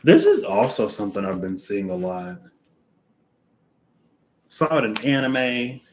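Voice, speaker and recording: A man reading oracle cards aloud in a casual way, with unhurried, musing asides to himself between passages. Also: on the low side, lively intonation, a little mellow, a little hiss or hum. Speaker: oracle card reader.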